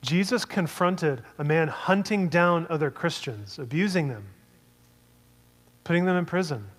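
A male preacher gives a sermon in a relaxed, conversational manner. He keeps asking his listeners rhetorical questions, and his voice sits a little high for a man. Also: a little slow, long reverb tail.

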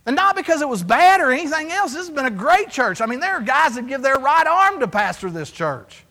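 A pastor with a very high voice delivers his sermon a little fast, spinning stories and playing out the characters' lines with animation. The church sanctuary lends the recording a long, echoing hall reverb.

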